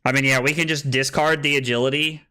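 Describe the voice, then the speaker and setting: Bright-voiced man streaming a card game. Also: medium pitch, fast talker, smooth. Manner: chatty, thinks aloud, excitable when winning. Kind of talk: casual gameplay commentary to chat.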